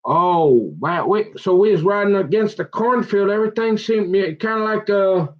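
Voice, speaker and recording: A man talks in a meandering, folksy ramble, circling back and repeating himself as he goes. His voice sits fairly high for a man. The recording is dull and lo-fi. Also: normal speed. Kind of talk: rambling casual monologue. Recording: dull lo-fi sound.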